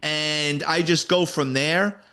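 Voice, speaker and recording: A man, a retired detective and author, telling stories in a casual interview, animated and salty. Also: fairly high pitch, slow pace, clean tone. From New York City. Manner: animated storyteller, voices quoted people, swears casually.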